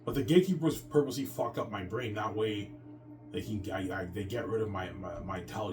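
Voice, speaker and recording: Low-voiced guy rambling fast and bragging, lots of restarts, far from the mic with music playing. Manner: boastful, repetitive, stammering restarts. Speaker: vlogger. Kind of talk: rambling monologue. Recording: distant mic with clear background music.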